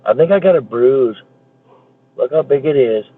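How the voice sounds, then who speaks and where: A man's voice: mid-range voice, animated, moderate pace, breathy edge. Man streaming, swearing, phone-line tinny. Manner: profane, jokey banter with chat. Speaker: live streamer. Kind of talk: casual live-stream chat to viewers.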